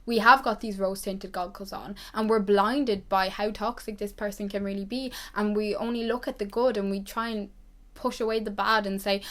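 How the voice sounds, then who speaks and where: A woman's voice: mid-range voice, steady tone, normal speed. A twenty-year-old woman giving an earnest, reassuring pep talk to camera, repeating herself for emphasis. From Ireland. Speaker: vlogger.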